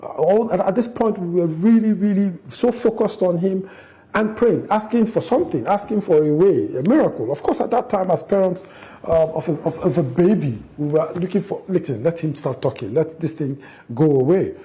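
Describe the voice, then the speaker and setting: A middle-aged man, telling a family story in an interview, animated and acting out the quotes, with frequent restarts. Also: sits high, normal speed. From Nigeria. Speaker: interview guest, father.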